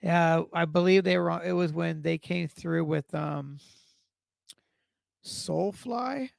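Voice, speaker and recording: A man hosting a podcast with a heavily gravelly, creaky voice pitched a bit high, recorded dry and close. He speaks slowly and casually, mostly giving short reactions and easy questions. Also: no room sound. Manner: laid-back, brief reactions and questions. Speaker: podcast host. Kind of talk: casual interview chat.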